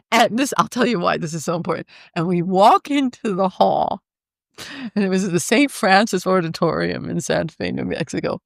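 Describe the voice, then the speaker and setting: A woman who works as a vocal artist appears as a guest on a podcast, animatedly telling a story, acting out her own reactions and laughing often mid-sentence. Her voice is fairly low and gravelly. The podcast microphone gives a clean studio sound with no echo.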